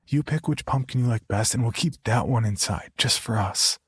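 A man narrating a horror story and voicing a doting young mother who gushes with excited praise for her child. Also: medium pitch, normal speed, slightly rough, dry recording, clean studio sound. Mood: delighted. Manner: gushing, excited, sweetly encouraging.

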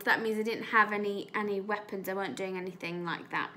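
A woman teacher with an English accent reads a storybook aloud to young children, pausing to explain words and ask them questions. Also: medium pitch. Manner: slow, gentle and explanatory, asking the children questions. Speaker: primary school teacher.

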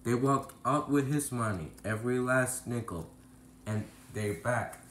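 A man's voice: medium pitch, a little slow, fairly bright tone, echoey room, a little hiss or hum, low-quality recording. A man narrating a rhyming storybook tale in a sing-song delivery.

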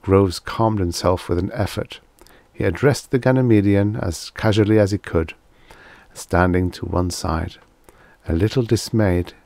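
A man reading vintage science fiction as an audiobook narrator, in a steady, even storytelling manner. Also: low voice, measured pace, dry recording. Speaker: audiobook reader.

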